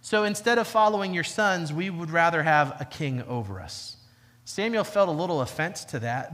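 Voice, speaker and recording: A man with a high, bright, ringing voice delivers a church sermon. He is emphatic and repeats key lines slowly for weight. His voice carries a long reverb from the church hall. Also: expressive. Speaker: pastor. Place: church sanctuary.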